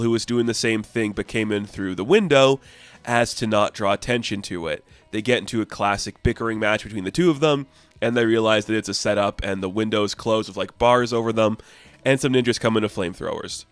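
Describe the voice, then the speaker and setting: Chatty, enthusiastic man with a low voice. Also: smooth, no echo. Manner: enthusiastic, chatty, fast recaps. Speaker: comic book reviewer. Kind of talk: casual comic review.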